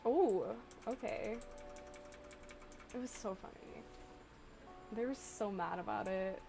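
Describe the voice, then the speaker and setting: A woman's voice: on the high side, big pitch swings, extremely slow, long pauses, mellow, soft background music. A young woman from the US Midwest chatting casually and giggling with viewers on a live stream. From Illinois, US Midwest.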